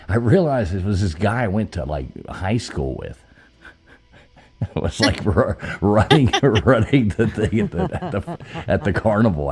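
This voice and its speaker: Deep-voiced, lively man hosting a call-in show. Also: slightly rough. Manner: rambling, with many fillers, loose and animated. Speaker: host of a live call-in show. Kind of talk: casual chat and storytelling.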